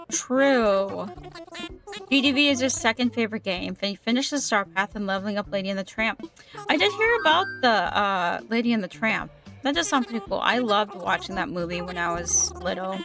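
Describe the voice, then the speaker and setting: A woman's voice: mid-range voice, expressive, moderate pace, music in the background. A woman gaming streamer chatting casually with her livestream, reading chat aloud and often repeating herself.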